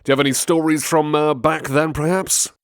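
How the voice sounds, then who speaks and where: A man's voice: fairly high pitch, flat delivery, a little fast, smooth, no echo, clean studio sound. A man hosting an interview, upbeat and friendly with scripted introductions. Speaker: interview host.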